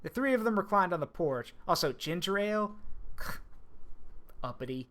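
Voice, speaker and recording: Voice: medium pitch, lively intonation, a little slow, a bit bright. Streamer reading aloud with jokey asides. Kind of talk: reading a game novel aloud.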